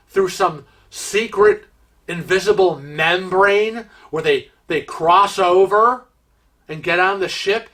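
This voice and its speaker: Bright-voiced man ranting exasperatedly. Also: high voice. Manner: frequent fillers and restarts. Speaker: cruise vlog host. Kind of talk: storytelling monologue.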